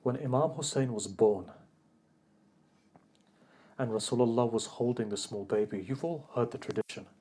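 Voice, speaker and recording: A man giving a religious sermon, moving from soft storytelling to a loud, grieving, high-pitched recitation. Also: normal speed, long pauses, husky. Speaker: preacher. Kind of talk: Muharram sermon, rising to impassioned chanting.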